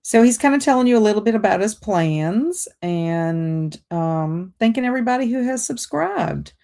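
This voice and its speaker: A woman's voice: mid-range voice, expressive, normal speed, mellow. A woman hosting a livestream, chatting casually and reading out viewer comments while multitasking. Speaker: BookTube livestream host.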